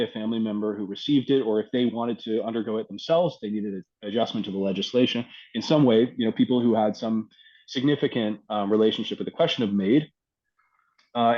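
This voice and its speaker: A man from Canada, a poet and filmmaker, talking thoughtfully in an interview with frequent ums and pauses. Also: on the low side, darkish tone, dull audio. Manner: reflective, hesitant with many ums. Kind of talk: casual interview talk.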